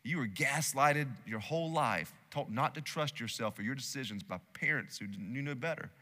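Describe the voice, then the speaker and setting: A male pastor preaching a sermon in a church sanctuary, emphatic, swinging between loud declarations and hushed asides. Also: medium pitch, lively intonation, moderate pace. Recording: long hall reverb.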